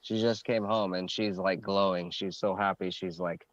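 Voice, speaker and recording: A man with a lowish voice tells a laid-back story on a casual podcast. His mic sounds dull and dry, like a cheap remote setup. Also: fairly even intonation, normal speed, dry recording. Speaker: podcast co-host.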